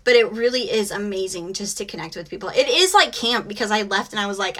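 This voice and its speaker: Bright-voiced, exhausted woman chatting on a live stream. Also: medium pitch, fast, few pauses. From United States. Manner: chatty and emotional, says she is close to tears. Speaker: host of a reselling live stream. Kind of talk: casual chat on a live stream.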